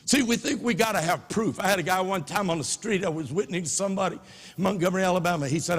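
A man preaching a sermon, impassioned, swinging from soft asides to shouts. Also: high-pitched, quick pace. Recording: long reverb of a large hall.

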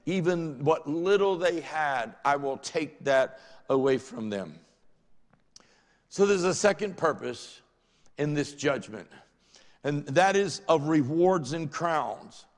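Southern pastor preaching in a reverberant church. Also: male voice, a little high. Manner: reads scripture aloud, then explains it plainly. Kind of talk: sermon. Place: church sanctuary. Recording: church audio with long hall reverb.

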